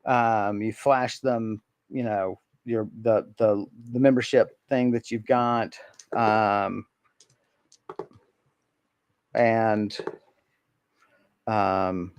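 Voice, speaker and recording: A man's voice: lowish voice, steady tone, very slow, long pauses, clear, resonant tone, no echo. A man narrating a tabletop role-playing game as game master, hesitant and full of ums and restarts.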